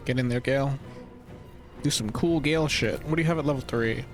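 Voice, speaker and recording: A man's voice: medium pitch, a little fast, soft background music. A man giving casual gameplay commentary, muttering to himself and cursing often as he plans his moves. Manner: swears a lot, exasperated muttering to himself. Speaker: streamer playing a role-playing video game.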